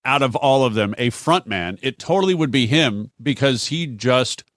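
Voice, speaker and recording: A man guesting on a podcast in casual chat, laughing often and dropping into a low bass voice for quoted lines. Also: lively intonation, moderate pace, fairly bright tone, no room sound, studio quality. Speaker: guest, broadcaster.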